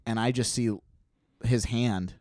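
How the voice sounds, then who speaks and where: A man's voice: mid-range voice, measured pace, no room sound, studio quality. A man casually telling a story on a podcast, acting out the voices of the people in it. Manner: animated storyteller who acts out quotes.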